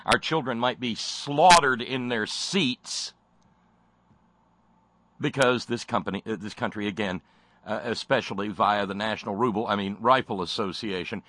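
A man's voice: lowish voice, sharp tone, no echo. A man hosting a talk show, delivering sarcastic, impassioned commentary with frequent stammered restarts.

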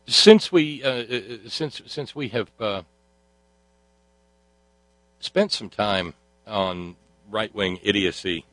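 A man's voice: lowish voice, slow, long pauses, a bit bright, no echo. A man hosting a talk show, delivering a sardonic monologue full of fillers and restarts. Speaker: host.

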